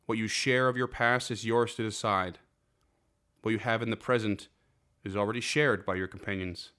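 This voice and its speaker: Male game master, low voice, quiet and measured scripted narration. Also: fairly even intonation, clear, resonant tone. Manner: soft, slow and measured. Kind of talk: scripted second-person narration.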